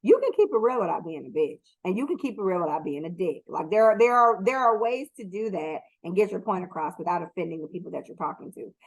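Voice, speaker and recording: This is casual solo commentary from a young adult woman who hosts her own podcast, speaking bluntly and profanely, rambling with plenty of ums. Her lowish voice has lively intonation and moves fast with few pauses, and the recording is low quality.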